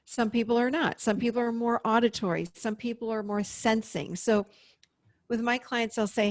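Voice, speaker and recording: Woman, 50s, therapist guest, animated explainer, higher pitch, dry sound. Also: moderate pace, dry recording. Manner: animated, explaining with acted-out inner voices. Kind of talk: interview conversation.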